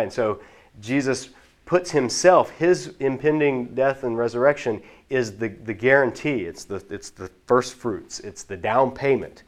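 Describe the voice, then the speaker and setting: A man teaching about the Bible in a relaxed, explanatory way, often restarting his sentences. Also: mid-range voice, measured pace. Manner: explanatory, with frequent restarts and repeated words. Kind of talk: casual teaching talk.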